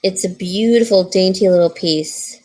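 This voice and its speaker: A woman's voice: moderate pace, mellow. A woman hosting a live jewelry sale, chatting casually and answering viewer comments. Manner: coos in a high baby voice to her dog. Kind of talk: casual live-stream sales chat.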